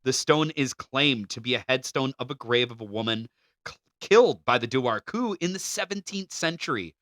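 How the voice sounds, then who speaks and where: A man co-hosting a casual podcast, his voice bright and a little high, swinging up and down as he reads notes aloud and breaks into laughs. The close mic sounds dry and near. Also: lively intonation, normal speed, dry recording. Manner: reads from notes, laughs often, stumbles on names. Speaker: podcast co-host.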